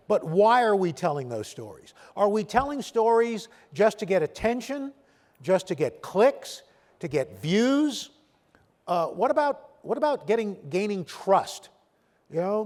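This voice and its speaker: A man giving an off-the-cuff conference speech, halting and self-deprecating, often restarting his sentences. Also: sits high, a little mellow. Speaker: keynote speaker at a panel event. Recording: long hall reverb.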